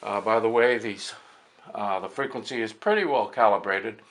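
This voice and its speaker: An older man, an amateur radio operator, casually talking through an equipment demonstration step by step, pausing often as he works. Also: on the low side, a bit bright. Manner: talks through each step as he works, with many pauses.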